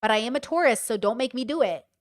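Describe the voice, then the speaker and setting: A woman's voice: fairly high pitch, lively intonation, fast talker. Candid, chatty woman streamer. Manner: candid, swears freely, chatty. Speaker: streamer host. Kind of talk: casual livestream chat.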